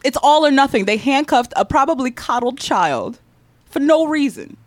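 Sardonic woman, animated pitch. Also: normal speed, no echo. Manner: sardonic, dark-humored teasing. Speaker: co-host. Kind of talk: casual chat.

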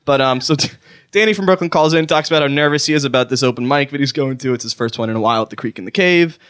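A man hosting a podcast, telling stories in a casual chat, animated and laughing, often stumbling over his words. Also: medium pitch, racing, clean tone. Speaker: podcast host.

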